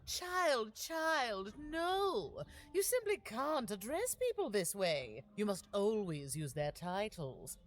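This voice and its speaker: An actress playing a snobbish, condescending aristocratic lady in a game, speaking primly and lecturing. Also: on the high side.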